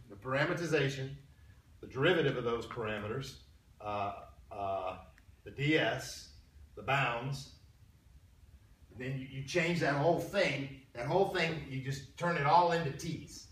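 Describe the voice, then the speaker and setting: A man's voice: medium pitch, normal speed, fairly bright tone. Man lecturing in an echoey classroom. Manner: conversational, repeats himself, quizzes students. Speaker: math instructor. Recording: roomy, distant classroom recording with faint noise.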